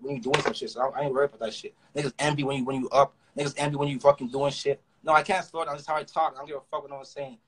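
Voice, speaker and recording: A young man with a Toronto accent, ranting through a story fast and profanely, with frequent stammered restarts. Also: fairly high pitch, a bit bright, breathy edge, rough recording. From Canada. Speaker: rapper. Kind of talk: casual storytelling rant.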